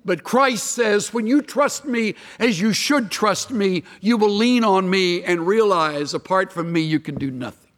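Guy preaching a sermon, pretty high voice, big long echo like a big hall, punchy with lots of questions. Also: measured pace, hardly any pauses, a bit bright. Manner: emphatic, with rhetorical questions and wry asides. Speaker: pastor.

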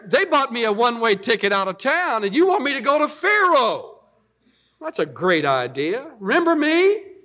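A man's voice: very high-pitched, pushed and bright, big-room sound, pitched above the performer's own voice, heavily acted. A man doing a flustered, pleading prophet. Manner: incredulous, rising whine.

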